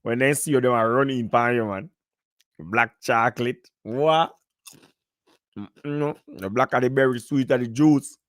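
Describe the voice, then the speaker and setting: A man's voice: medium pitch, measured pace, fairly bright tone, dry recording, studio quality. Laid-back Jamaican man in casual chat. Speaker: podcast guest. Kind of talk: casual live-stream chat.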